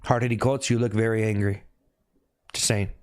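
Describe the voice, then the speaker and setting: A man live streaming who teases his chat with repeated needling questions and breaks into sudden high yelps. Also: fairly even intonation, normal speed. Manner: teasing, repetitive needling questions.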